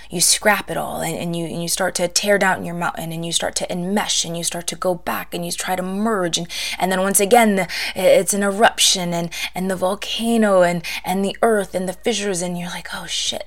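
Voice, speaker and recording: A woman podcast host giving an impassioned spoken-word monologue, slow and deliberate, swearing freely, with hushed dips. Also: on the low side, fairly even intonation.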